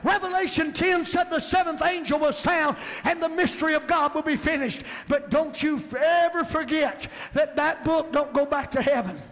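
A man preaching a sermon in a church, fervent and building to emphatic shouts. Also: extremely high pitch, fairly even intonation, normal speed, hardly any pauses. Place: church sanctuary. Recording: long church hall reverb.

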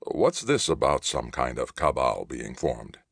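A man voicing a thoughtful, measured older doctor in an audiobook. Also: rumbling low, big pitch swings, fairly bright tone, husky, dry recording, clean studio sound, full character voice. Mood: concerned. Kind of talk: audiobook reading.

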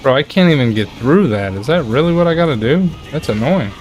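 A man streaming a video game, reacting loudly, swearing in frustration and chatting with his viewers. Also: mid-range voice, animated, brisk, soft background music. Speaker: gaming streamer. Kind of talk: live gameplay commentary reading chat.

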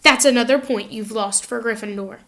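A woman's voice: high voice, unhurried, bright, forceful tone. A woman voicing a cold, sneering male potions teacher who snaps his words in a clipped, scornful way in an audiobook reading. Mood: snapping.

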